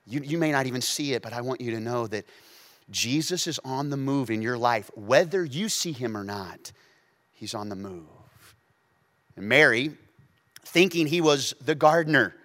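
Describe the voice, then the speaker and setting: Speaking at a medium pitch, a male pastor preaches with big swings from soft intimacy to loud emphasis. He performs the quotes he cites and sprinkles in playful remarks.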